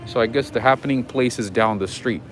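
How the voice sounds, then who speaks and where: A man's voice: mid-range voice, a little fast, slight background noise. A man hosting a casual live walking tour outdoors at night, chatting with viewers and answering their comments. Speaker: livestream host. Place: outdoors on an old-town street at night. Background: jazz music playing nearby.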